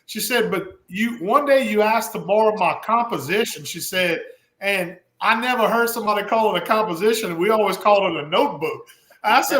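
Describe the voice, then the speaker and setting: Podcast host, forties, Cajun Louisiana man: high, bright voice, animated yarn-spinner, roomy echo. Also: a little fast. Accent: South Louisiana Cajun. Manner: animated storyteller, laughs often. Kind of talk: casual chat. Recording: echoey room.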